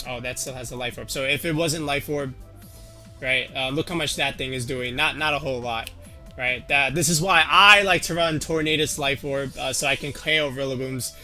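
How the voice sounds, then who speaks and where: With a mid-range voice that comes across pushed and bright, a competitive game YouTuber rambles through a casual game teambuilding tutorial. He uses many fillers and keeps restarting.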